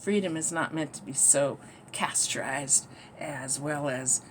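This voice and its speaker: A woman vlogger with a low voice speaks slowly over a slight hiss or hum. Her rambling spiritual-political monologue is emphatic, trailing off and then starting up again.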